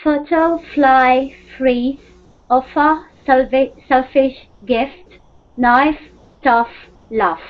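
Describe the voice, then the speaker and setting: A woman's voice: high-pitched, steady tone, very slow. A woman with a British accent reading pronunciation words aloud in an online class, careful and a bit apologetic. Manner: careful, slightly apologetic, laughs. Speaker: student. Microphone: video call. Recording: dull video call audio.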